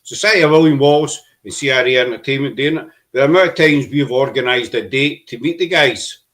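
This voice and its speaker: A man's voice: medium pitch, a little fast, a bit bright, low-quality recording. A middle-aged man with a Glaswegian Scottish accent, hosting a casual chat and telling rambling stories full of restarts and local slang. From Scotland. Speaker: podcast host.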